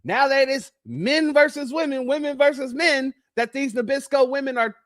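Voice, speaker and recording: A man hosting a commentary show, reacting to played clips in an animated, preachy and mocking way. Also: very high voice, normal speed.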